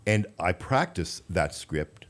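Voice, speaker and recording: A man's voice: low voice, expressive, takes it slowly. A man hosting a radio talk show, chatty and coaching, who often trips over his words. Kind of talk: casual radio interview chat.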